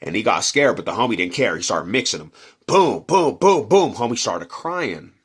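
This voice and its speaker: A man's voice: deep voice, brisk, husky. Slangy man telling a street story. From Denver, Colorado. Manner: slangy, animated, acts out quotes and punches.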